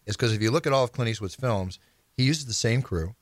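A man's voice: mid-range voice, quick pace, dry recording, clean studio sound. A man hosting an interview show, telling stories eagerly and steering the talk with questions. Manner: enthusiastic, leading storyteller asking questions. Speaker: show host.

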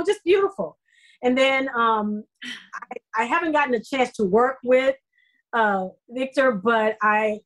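In a casual interview, a middle-aged soap opera actress tells stories in an effusive, animated way, using many fillers. Her voice is a little high, and the recording is low quality.

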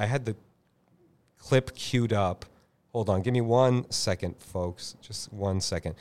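A man hosting a podcast, telling a story in a self-mocking, animated way. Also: medium pitch. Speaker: podcast host. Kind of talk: casual storytelling chat.

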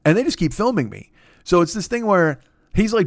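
A man hosting a comedy podcast, telling a long profane story in a rambling, animated way, full of restarts and asides. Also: high-pitched, a little fast, dry recording, clean studio sound. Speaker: podcast host.

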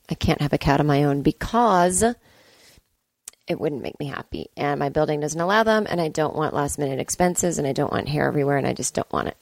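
A woman hosting a podcast from a home, chatting casually and digressing, with a hoarse, strained voice and cooing baby talk. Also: deep voice, animated, fairly quick, no echo. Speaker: podcast host. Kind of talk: casual rambling chat with ad read. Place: sister's home, indoors.

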